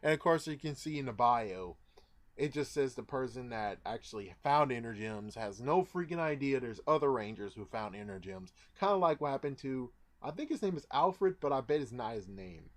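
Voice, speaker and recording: A man's voice: medium pitch, lively intonation, moderate pace. Chatty young man reviewing a toy. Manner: chatty and rambling, many fillers and asides. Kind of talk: casual toy review vlog.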